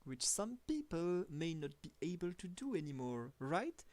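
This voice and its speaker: A woman's voice: on the low side, very animated, moderate pace, a little mellow, no echo. A woman streaming a game live, thinking aloud and teasing both herself and the game. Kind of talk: live gameplay commentary.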